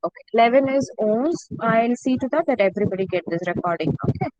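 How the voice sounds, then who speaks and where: A woman teacher, speaking in a slightly high voice over a video call. She repeats each word slowly and patiently for her students. The sound is dry and close, with no room echo. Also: lively intonation, a little mellow, muffled recording. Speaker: French teacher. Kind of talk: online class lesson.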